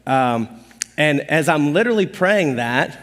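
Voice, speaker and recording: Man, pastor, casual sermon storytelling, fairly high voice, long hall echo. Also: measured pace. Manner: animated, conversational and self-deprecating. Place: church auditorium stage.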